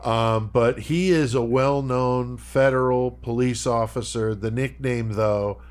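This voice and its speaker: A man's voice: mid-range voice, steady tone, slow, clean tone. A man hosting a podcast, retelling a story in loose, casual chat and swearing often. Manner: loose, profanity-laced retelling. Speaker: podcast host leading the segment.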